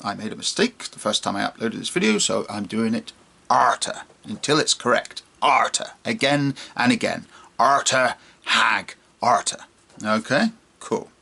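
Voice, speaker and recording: A man's voice: lowish voice, moderate pace, gravelly, pushed and bright. A man teaching a casual online language lesson, repeating words and checking in with "okay?" after each one. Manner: chatty and informal, with many fillers.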